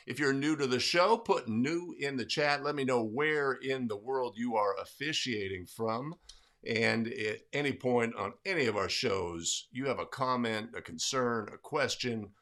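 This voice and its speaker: Upbeat bright-voiced man hosting a livestream. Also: medium pitch. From California. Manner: upbeat, greets chat viewers by name. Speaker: livestream host. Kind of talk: casual livestream chat.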